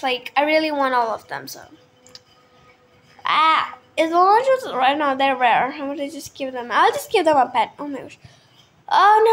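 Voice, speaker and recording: A woman chatting casually at home as she plays a game, excitable, with hushed whispered asides. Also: high-pitched, slight background noise. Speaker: gaming video creator. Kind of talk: casual gameplay commentary.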